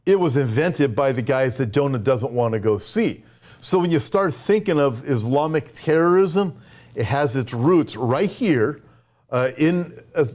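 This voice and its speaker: Retelling scripture with animation and frequent asides, a male pastor delivers a conversational sermon in a medium-pitched voice.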